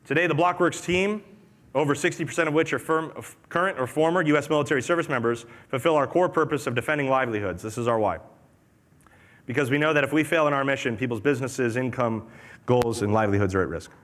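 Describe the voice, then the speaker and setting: A man giving an energetic conference talk as a company presenter, repeating key phrases in a casual way. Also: mid-range voice, fast. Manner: energetic, repetitive, conversational. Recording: long hall reverb.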